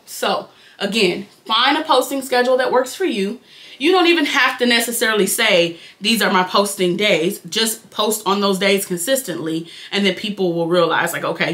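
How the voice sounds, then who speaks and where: Young nasal Detroit woman, bright voice, quick chatty beauty-vlog delivery, calls viewers y'all. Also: mid-range voice. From Detroit, Michigan. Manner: fast-talking, chatty, addresses viewers as y'all. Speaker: beauty vlogger. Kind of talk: casual chat while doing makeup.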